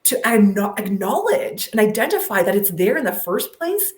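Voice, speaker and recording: A woman's voice: mid-range voice, very animated, moderate pace. A woman hosting a podcast who speaks in a reflective, encouraging way during casual chat. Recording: roomy echo.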